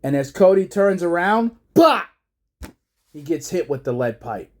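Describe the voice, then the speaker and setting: A man casually narrating a wrestling storyline idea in a low-key, unhurried way. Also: expressive, darkish tone. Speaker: fan pitching a wrestling storyline.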